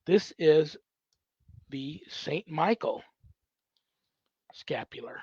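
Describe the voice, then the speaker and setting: A husky-voiced priest rambles through viewer questions from home, thinking aloud with plenty of ums and restarts. His voice sits a little high and sounds dry and close. The sound is dull and lo-fi. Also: animated, drawn-out words, darkish tone, dry recording. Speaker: priest hosting a paranormal ministry show. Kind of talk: casual livestream Q&A.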